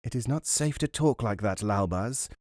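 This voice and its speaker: A man's voice: mid-range voice, expressive, moderate pace, darkish tone, no echo, studio quality, close to an everyday voice. A male narrator voicing a careful, anxious woman who works as a housekeeper, speaking urgently and soothingly.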